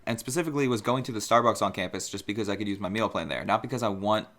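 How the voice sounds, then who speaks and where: Low-voiced young man hosting a chat podcast. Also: racing, a bit bright. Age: 20s. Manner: chatty, rambling, self-conscious. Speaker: podcast co-host. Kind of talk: casual chat.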